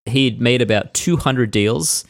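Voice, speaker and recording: A man hosting a podcast, retelling a story in relaxed, casual conversation. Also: medium pitch, a little slow, no echo, clean studio sound. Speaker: podcast host telling the story. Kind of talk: casual chat.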